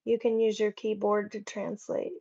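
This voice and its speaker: A livestream host chats from home, rambling in a friendly way as she reads out viewer comments. She speaks at medium pitch and a moderate pace in a monotone, with a warm, slightly rough tone, though the audio sounds dull.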